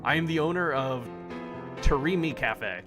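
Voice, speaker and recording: A man's voice: on the high side, measured pace, music in the background, close to an everyday voice. A man voicing an elegant, dignified older male parakeet who owns a café, reading a dating sim aloud with formal, old-fashioned politeness. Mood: courteous.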